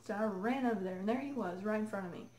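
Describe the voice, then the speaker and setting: A woman excitedly telling a rambling story to camera, full of fillers. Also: mid-range voice, quick pace, slight background noise. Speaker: vlogger. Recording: echoey room.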